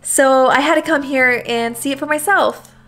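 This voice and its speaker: A woman doing a gentle, heartbroken schoolgirl from a visual novel, speaking softly and slowly in a raised, girlish pitch, with a slight gravel underneath and faint music behind. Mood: sad. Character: sweet, fragile teenage schoolgirl, heartbroken. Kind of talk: reading a visual novel aloud.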